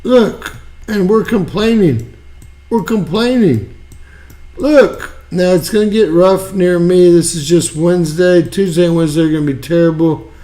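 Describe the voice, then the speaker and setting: A man's voice: high-pitched, normal speed, warm tone, soft background music. A man hosting an online news show, giving rambling, folksy weather commentary and repeating himself. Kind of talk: casual weather commentary over a map.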